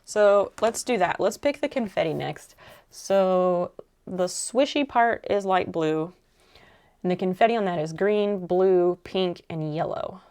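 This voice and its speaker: A woman's voice: fairly low pitch, unhurried, a little mellow, clean tone. A woman streaming live while she crafts, musing aloud as she works and answering her viewers' chat in a casual way.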